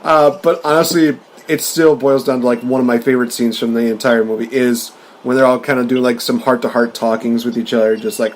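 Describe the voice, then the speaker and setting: A man with an average-pitched voice talks in a loose, rambling way, full of fillers and quick bursts of laughter. There is a faint hiss under the recording. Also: level tone. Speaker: podcast host. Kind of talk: casual chat about movies.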